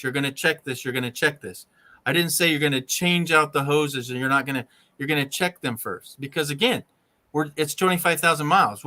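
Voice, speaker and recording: A man's voice: fairly high pitch, bright, forceful tone. A man hosting an RV channel, coaching a mechanic in casual chat and constantly checking in with "right?" and "okay?". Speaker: RV channel host.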